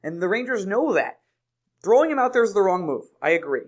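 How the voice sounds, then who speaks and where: A man hosting a sports podcast with a fairly high voice for a man, easygoing and quick to laugh. He keeps things loose and chatty with his co-host. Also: sing-song. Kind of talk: casual sports chat.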